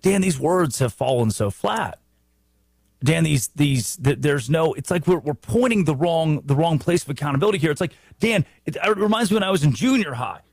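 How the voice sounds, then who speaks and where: A man hosting a sports talk show, giving animated commentary with emphatic restarts and repetition. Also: on the high side, moderate pace, vocal fry, slightly rough, dry recording.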